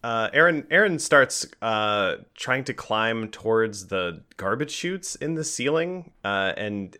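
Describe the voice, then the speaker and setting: A man's voice: lowish voice, expressive, takes it slowly, hardly any pauses, pushed and bright, clear, resonant tone. A man playing a tabletop game, describing his character's moves hesitantly with fillers. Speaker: player. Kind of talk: casual tabletop play.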